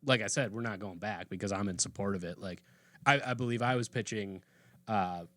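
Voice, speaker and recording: Podcast co-host, man, somewhat low voice, deadpan riffs, dry close mic. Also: fairly quick, no room sound. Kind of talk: casual comedic chat.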